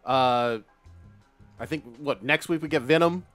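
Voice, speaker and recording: A man's voice: mid-range voice, a little slow, a bit bright, faint music behind. A young adult man co-hosting a podcast in casual chat, teasing the others and asking them questions. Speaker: podcast co-host.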